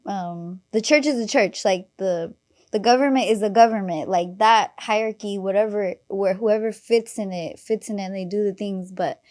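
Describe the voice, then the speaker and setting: A woman's voice: medium pitch, a little mellow. A young woman hosting a podcast, telling a story in casual chat, laughing often and acting out the people she quotes, full of fillers and casual swearing. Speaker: podcast host.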